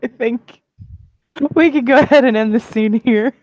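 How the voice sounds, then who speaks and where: A woman running a tabletop game as game master, giggly and animated. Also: a little high, normal speed, no room sound, low-quality recording.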